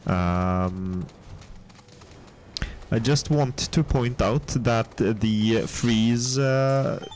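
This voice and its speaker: A man's voice: fairly low pitch, drawn-out words, a little mellow, faint music behind. A man streaming a game, talking in a laid-back, rambling way with many ums and uhs. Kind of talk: casual gameplay commentary.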